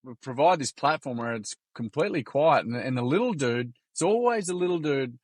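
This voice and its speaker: An Australian man, a podcast guest, chatting casually as an animated storyteller with plenty of slang, swearing and restarts. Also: mid-range voice, brisk, dry recording. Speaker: podcast guest, youth workshop founder. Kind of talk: casual interview chat.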